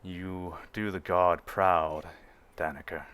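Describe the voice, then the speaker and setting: A man voicing an imposing male Imperial officer who speaks slowly and formally. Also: deep voice, flat delivery, fairly bright tone, clear, resonant tone. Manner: measured, formal, approving.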